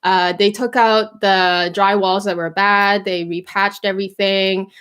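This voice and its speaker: A woman's voice: medium pitch, fairly even intonation, unhurried, fairly bright tone, clean tone. A young woman chatting casually on a livestream from home, rambling with lots of fillers and restarts. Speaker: livestream host. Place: home bedroom.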